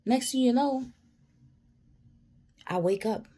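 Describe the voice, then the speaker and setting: A woman's voice: a little high, slow, mellow. A woman telling a personal story straight to camera, in a blunt, emphatic and heavily profane way. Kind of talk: storytime monologue.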